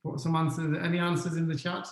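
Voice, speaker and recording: Male webinar speaker, fairly high voice, interactive lecturer who repeats key points; echoey room. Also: little pitch movement, quick pace. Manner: questions the audience often, repeats key points.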